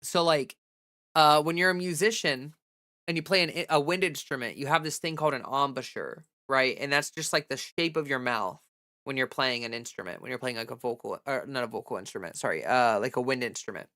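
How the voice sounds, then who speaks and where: Woman streamer, bright forceful tone, chatty candid advice, dry close sound. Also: rumbling low, no echo. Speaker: livestreamer giving voice-training advice. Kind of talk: casual livestream chat.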